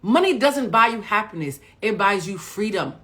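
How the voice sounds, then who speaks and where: A woman's voice: mid-range voice, lively intonation, moderate pace, a bit bright. A middle-aged woman coaching viewers on a live stream, blunt and profane, firing rhetorical questions like a preacher. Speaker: emotional intelligence coach.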